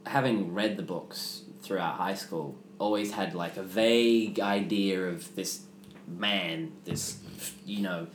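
A man's voice: deep voice, takes it slowly. Easygoing young Australian man, roomy sound. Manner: easygoing, rambling, joking. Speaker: voice actor in an audio drama cast. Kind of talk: casual podcast chat. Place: room shared with other cast members. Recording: roomy with faint background noise.

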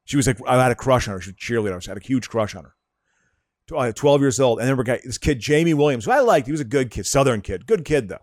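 Male podcast co-host, casual storyteller, lively swinging pitch, stammery restarts, dry mic. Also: fast, dry recording. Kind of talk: casual chat.

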